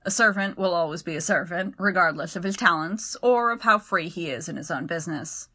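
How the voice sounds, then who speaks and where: A woman reading the part of a rough-voiced male servant, wry and commanding, who speaks in a dry, measured way. The voice is bright and clear, with a quiet bitter edge to a storybook reading. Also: high-pitched, full character voice. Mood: dry, steady.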